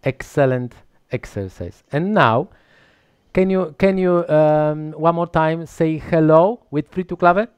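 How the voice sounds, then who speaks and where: A man co-hosting a live online dance lesson, asking questions in halting, broken English with many restarts. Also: on the high side, clear, resonant tone, highs cut off. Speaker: co-host.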